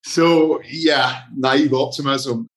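A Scottish man being interviewed as a guest on a podcast, talking in a relaxed, self-deprecating way. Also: mid-range voice, slow. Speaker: guest, investor. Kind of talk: casual interview talk.

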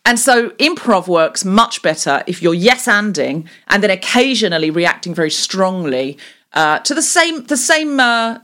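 A woman comedian as a podcast guest, explaining improv teaching in chatty, animated talk and slipping into quick acted voices. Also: mid-range voice. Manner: animated, slips into quick voiced mini-scenes while explaining; chatty with frequent fillers and restarts. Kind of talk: conversational interview.

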